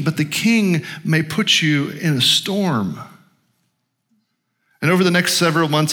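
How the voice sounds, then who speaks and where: A man's voice: a little high, a bit bright. A middle-aged man, a pastor, telling a personal story in a conversational, self-deprecating sermon with many restarts.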